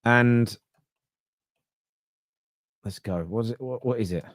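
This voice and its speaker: A man from London's East End with a Cockney accent, hosting a live football watchalong in a chatty, self-mocking way and breaking into shouted excitement at near misses. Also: medium pitch, slow pace, no room sound, studio quality. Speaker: watchalong host.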